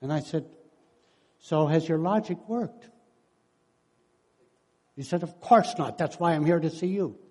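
Unhurried and prone to long pauses, this man in his sixties has a slightly high, mellow voice with a breathy edge. As a preacher and counselor giving a sermon, he tells stories, acts out quotes, and chuckles a lot, with long hall reverb around him.

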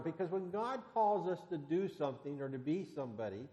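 Guy preaching in a big hall, kinda higher voice, chatty storytelling sermon, long echo. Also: brisk, hardly any pauses. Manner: conversational storytelling, animated when retelling dialogue.

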